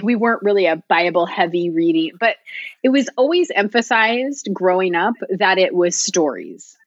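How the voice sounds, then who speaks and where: A woman in casual chat, speaking in a thoughtful, measured way. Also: fairly low pitch, no room sound. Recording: dull lo-fi audio.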